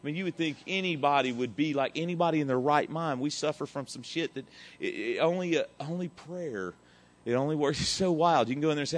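A middle-aged man giving a profane, animated recovery testimony that swings between loud and quiet. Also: on the high side, fast. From Texas. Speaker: recovery speaker.

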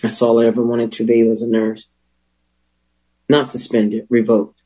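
A man telling his recovery story as a personal testimony, candid and wry, with emotional pauses. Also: medium pitch, completely flat delivery, noisy background. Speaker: speaker sharing a recovery story.

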